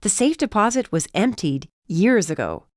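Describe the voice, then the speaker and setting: A woman's voice: medium pitch, sing-song, normal speed, no room sound, studio quality, voice pushed up, lightly acted. A woman voicing a smug young man who mocks and gloats with a smirk. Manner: smirking, mocking.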